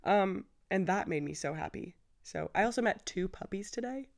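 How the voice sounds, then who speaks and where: A woman's voice: medium pitch, animated, normal speed, vocal fry. A woman in her twenties hosting a casual solo podcast, chatty and effusive, laughing often. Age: 20s. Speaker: podcast host.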